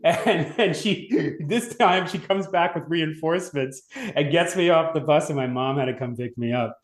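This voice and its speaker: A man from Long Island telling school stories in casual chat, animated, swearing freely and laughing as he goes. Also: a little high, moderate pace. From Long Island, New York. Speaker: podcast guest. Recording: roomy echoey room.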